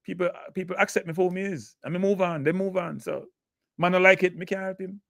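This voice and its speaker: A man's voice: sits high, steady tone, fast talker, vocal fry, fairly bright tone, dry recording. Emotive Jamaican man, dry close sound. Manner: emotive, blunt, talks back to chat comments. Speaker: football show host. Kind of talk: passionate live-stream football talk.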